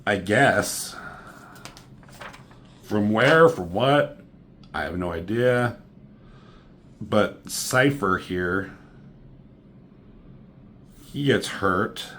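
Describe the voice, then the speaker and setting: A man's voice: fairly low pitch, lively intonation, extremely slow, pauses often, a bit bright, slight background noise. Sarcastic, profane man reviewing a comic. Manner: sarcastic, profane, mocking impressions of characters. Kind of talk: casual spoken review.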